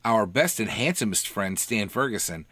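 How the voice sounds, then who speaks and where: A man's voice: lowish voice, lively intonation, normal speed, a bit bright, no echo. A man co-hosting a podcast, reading out thanks with wry jokes. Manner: wry, joking. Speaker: podcast co-host. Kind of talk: casual podcast chat.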